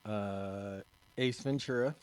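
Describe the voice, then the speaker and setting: A man co-hosting a casual podcast, relaxed and a bit hesitant, telling a personal story. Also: on the low side, takes it slowly, clean tone, poor audio. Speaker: podcast co-host, martial arts instructor.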